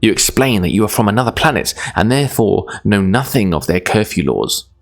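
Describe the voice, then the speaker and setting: A man's voice: lowish voice, sing-song, a little fast. A Scottish man streaming live, reading a gamebook aloud in a chatty, self-deprecating way, laughing often.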